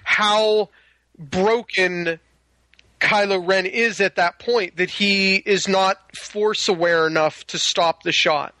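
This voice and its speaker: A man with a high, bright, sharp-edged voice, speaking earnestly and hammering his points home. The sound is dry and close. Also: steady tone, slow pace, no echo. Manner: earnest and emphatic, repeats points for stress. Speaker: podcast co-host discussing a film. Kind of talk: casual chat.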